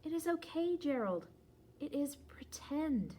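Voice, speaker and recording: A woman voicing a cheerful, playful female pig who speaks calmly and patiently in a children's storybook read-aloud. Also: high voice, measured pace, slight background noise. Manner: calm, patient, reassuring.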